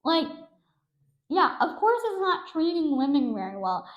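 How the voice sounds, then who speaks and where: High-voiced sarcastic young woman podcaster. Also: measured pace, echoey room, lo-fi sound. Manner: sarcastic, animated, self-mocking. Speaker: podcast host. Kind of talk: casual storytelling monologue.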